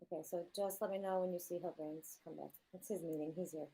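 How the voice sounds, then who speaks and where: A woman taking roll call at a school council meeting, brisk with chatty asides. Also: lowish voice, steady tone, vocal fry, dark tone, breathy edge. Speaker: meeting secretary.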